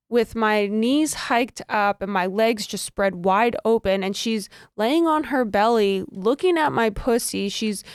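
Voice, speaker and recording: A woman co-hosting a candid, casual podcast chat, telling stories in an animated way, laughing often and filling with "like". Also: fairly high pitch, smooth, no room sound, clean studio sound. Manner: giggly, animated storyteller with many fillers. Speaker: podcast co-host.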